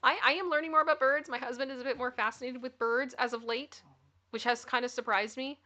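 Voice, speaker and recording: A woman's voice: high-pitched, steady tone, fast talker, bright, forceful tone. A woman hosting a casual livestream, chatting with viewers, reading their comments aloud and giggling often. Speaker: livestream host. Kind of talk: casual chat with live viewers.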